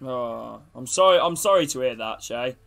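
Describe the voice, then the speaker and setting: A man's voice: mid-range voice, animated, moderate pace, gravelly, a bit bright, faint music behind. A young man streaming a football video game, greeting his chat and geeing up his teammates, with casual swearing. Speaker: gaming streamer. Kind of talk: live gameplay chat with viewers.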